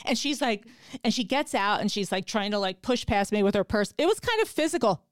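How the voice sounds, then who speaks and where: A woman's voice: medium pitch, animated, fairly quick, smooth, dry recording, clean studio sound. A woman hosting a podcast in casual chat, telling stories with animation and acting out her own quotes. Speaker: podcast host.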